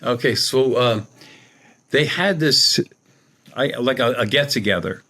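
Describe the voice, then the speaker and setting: The voice is a man's, mid-range, bright and forceful, moving a little slowly. He's a guest and a psychic medium telling a rambling, casual personal story, quoting others with "she goes".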